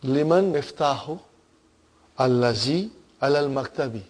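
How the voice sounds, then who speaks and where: A man's voice: medium pitch, expressive, a little slow, a little mellow. A man teaching an Arabic grammar class, patiently explaining terms and often checking that his students follow.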